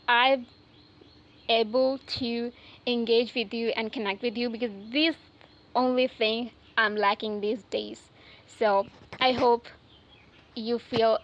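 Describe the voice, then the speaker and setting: A woman's voice: on the high side, highs cut off. A woman hosting an English learning channel, talking unscripted to camera in a chatty way, often restarting and correcting herself. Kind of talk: unscripted casual talk to camera.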